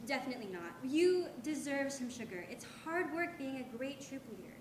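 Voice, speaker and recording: A sweet, doting suburban mom, read by a woman. It is a staged play reading in an echoey hall, with the high voice ringing over a clear hiss. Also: sing-song, a little fast.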